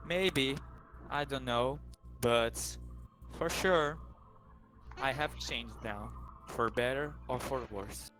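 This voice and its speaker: A man's voice: medium pitch, takes it slowly, pauses often, a bit bright, faint music behind. A man playing his character in a tabletop game, cheerful and playful. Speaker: player.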